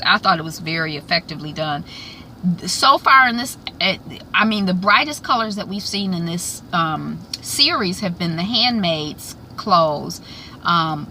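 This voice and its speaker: Bright-voiced woman recapping a show. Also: lowish voice, slight background noise. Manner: rambling, many ums and restarts, bursts of excitement. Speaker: YouTube TV recap host. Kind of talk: casual recap vlog.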